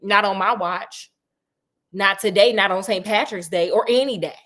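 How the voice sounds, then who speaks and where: A woman's voice: medium pitch, moderate pace, fairly bright tone, natural voice. A woman voicing a smug male henchman who taunts in a slangy way. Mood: taunting.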